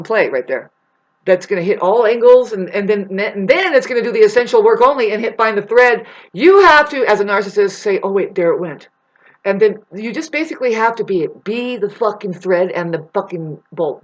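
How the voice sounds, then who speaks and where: A man's voice: high voice, slight background noise, low-quality recording. Brief: male vlogger, rambling profane rant, loose and scattered delivery. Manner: rambling, swears a lot, jumps between topics, restarts.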